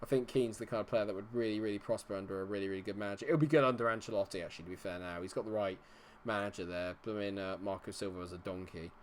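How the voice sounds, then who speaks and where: Excitable man streaming a game. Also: on the low side, very fast, a little hiss or hum. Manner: excitable, chatty, reacts loudly to plays. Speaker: streamer playing a football management game. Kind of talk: live game commentary.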